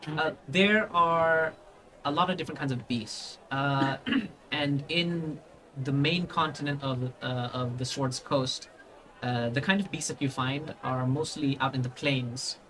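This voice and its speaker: A man's voice: medium pitch, measured pace, bright, forceful tone. A man narrating as game master of a tabletop game, rambling with many fillers and restarts.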